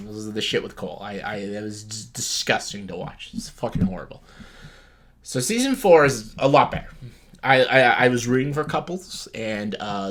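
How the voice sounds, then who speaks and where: A man's voice: mid-range voice, fairly bright tone. A young man vlogging casual commentary on a reality show, talking bluntly with lots of swearing and exasperation. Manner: blunt, heavily profane, exasperated ranting.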